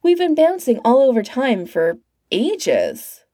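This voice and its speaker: A woman's voice: high voice, huge pitch swings, takes it slowly, dark tone, no echo, studio quality, pitched above the performer's own voice, exaggerated voice. A woman doing a polite earnest time-travelling man. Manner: courteous, mildly scolding.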